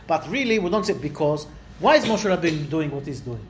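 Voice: brisk, a little hiss or hum. A Torah teacher giving a Bible lesson to a small class indoors, acting out quoted lines with rising, dramatic delivery. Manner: animated, acts out quotes with rising pitch. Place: indoor room with listeners.

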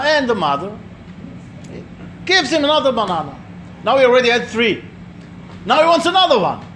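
A middle-aged man, likely a rabbi or teacher, leads a religious class conversationally, telling stories, quizzing his listeners and acting out voices. His very high-pitched, sing-song voice is a bit bright, moving at a moderate pace with frequent pauses over slight background noise.

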